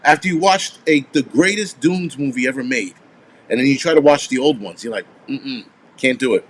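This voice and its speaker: A man's voice: medium pitch, fairly quick. A man in his forties hosting a casual live stream, rambling and swearing as he answers viewers. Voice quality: profane, rambling. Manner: answers viewer comments offhand.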